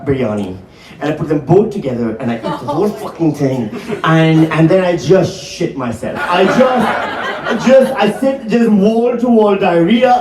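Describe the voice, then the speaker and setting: A man in his forties doing profane, animated stand-up comedy before a live audience. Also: fairly high pitch, slight background noise. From Pakistan. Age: 40s. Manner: animated, profane, quick asides to the crowd. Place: large hall, live audience. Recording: roomy live hall, mic from a distance, crowd laughter. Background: audience laughter.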